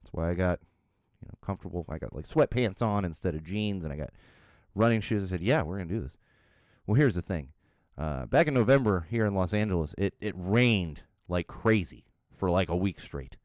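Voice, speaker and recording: A man's voice: low voice, dry recording, studio quality. A middle-aged man hosting a podcast, telling funny stories about himself in a casual, chuckling way. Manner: animated, chuckling, self-deprecating anecdotes. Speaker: podcast host. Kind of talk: casual solo podcast storytelling.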